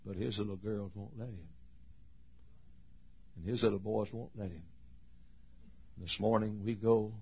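A male preacher delivers an impassioned sermon in a gravelly, husky voice. His pitch rises and falls dramatically as he moves from hushed storytelling to shouts. The recording is dull and lo-fi. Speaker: pastor.

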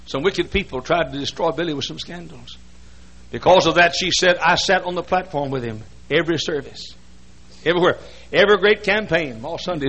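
A male preacher telling stories in a sermon, often rising to shouted emphasis. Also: fairly high pitch, rough recording. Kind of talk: sermon with storytelling.

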